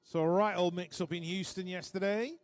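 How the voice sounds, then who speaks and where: A man's voice: high voice, fairly even intonation, fairly quick. A man giving live race commentary, chatty and joking between calls.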